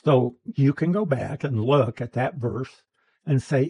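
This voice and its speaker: A man's voice: mid-range voice, unhurried, mellow, slightly rough, low-quality recording. A man teaching a Bible class, explaining a verse's grammar patiently with restarts and asides.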